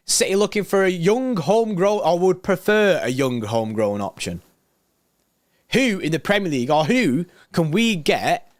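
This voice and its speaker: Excitable slangy young man. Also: fairly high pitch, no room sound, clean studio sound. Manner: excitable, slangy, reads news aloud and riffs. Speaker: football livestream host. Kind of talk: casual livestream chat reacting to news.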